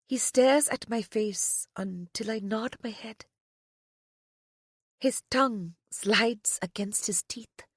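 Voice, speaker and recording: A soft-spoken woman narrating a first-person romance audiobook, often dropping to a whisper. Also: a little high, slow, breathy edge, no echo, studio quality.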